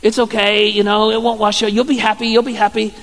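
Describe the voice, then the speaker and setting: A man, a pastor giving a sermon in a playful, joking storytelling way with sudden loud exclamations. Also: high voice, flat delivery, a little fast. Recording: church hall reverb.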